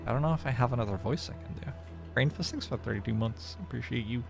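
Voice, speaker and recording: A man's voice: mid-range voice, fast talker, creaky, soft background music. A man streaming a game, reading its dialogue aloud with dry asides.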